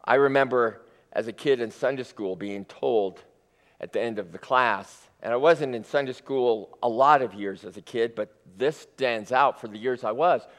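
A man preaching a sermon as a pastor, telling the story with animated emphasis and acting out the quoted lines. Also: mid-range voice, moderate pace, in a large hall.

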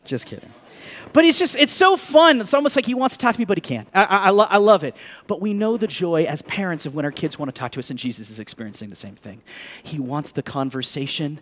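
High-voiced man preaching a chatty sermon. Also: fast. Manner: animated, chatty, with asides and jokes to the congregation. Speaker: pastor. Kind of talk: conversational sermon.

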